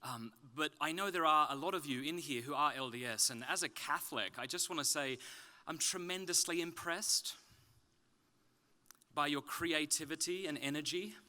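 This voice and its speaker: A man from Australia with a softened, slightly British-leaning Australian accent, giving a conference talk with self-deprecating jokes before turning earnest and explanatory. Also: a little high, normal speed. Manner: joking, then earnest and explanatory. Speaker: speaker. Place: conference stage.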